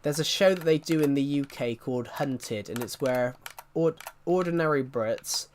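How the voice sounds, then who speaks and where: A man's voice: a little high, moderate pace, a little mellow, a little hiss or hum. A man with a Southwest English accent, a streamer chatting casually and rambling as he answers viewers' questions. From southwest England. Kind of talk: casual live-stream chat.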